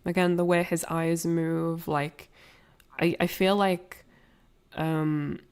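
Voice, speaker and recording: Woman, fairly low voice, casual film commentary, rambling, lots of fillers. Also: flat delivery, slow, darkish tone, clear, resonant tone. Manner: rambling, many fillers and restarts. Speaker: streamer analysing a film.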